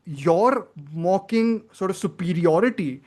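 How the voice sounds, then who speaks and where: A man's voice: high-pitched, lively intonation, a little slow, a little mellow. A man, hosting a casual film podcast, talking earnestly and working out his thoughts aloud with many fillers and restarts. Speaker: podcast host.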